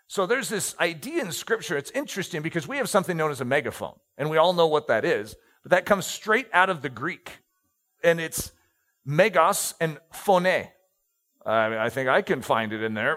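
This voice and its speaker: A middle-aged man preaching a sermon and reading scripture aloud, slowing down to stress key words, with joking asides to the congregation. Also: a little high, expressive, pushed and bright. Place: church stage, handheld mic.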